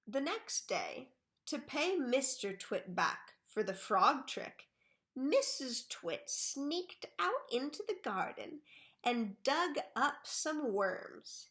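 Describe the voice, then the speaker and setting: A woman reading a children's book aloud for learners, carefully and clearly. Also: fairly high pitch, a bit bright.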